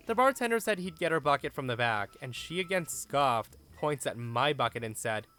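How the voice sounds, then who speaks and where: A man narrating an online story in an expressive, animated way, with his own comments. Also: mid-range voice, moderate pace, hardly any pauses, clear, resonant tone, faint music behind.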